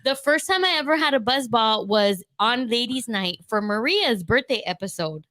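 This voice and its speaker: Brief: high, bright woman, laughing and swearing through stories, dry close sound. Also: lively intonation, normal speed, no echo. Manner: profane, laughing storyteller. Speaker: podcast co-host. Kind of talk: casual chat.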